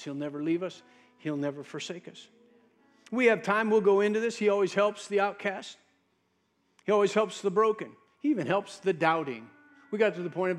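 A man preaching a sermon as pastor, dropping to a soft low voice when he quotes Jesus.

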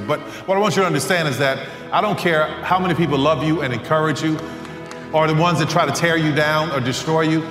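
A man's voice: fairly high pitch, fast talker. A man giving an impassioned motivational speech, repeating phrases for emphasis. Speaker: motivational speaker. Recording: echoey hall with live audience and music.

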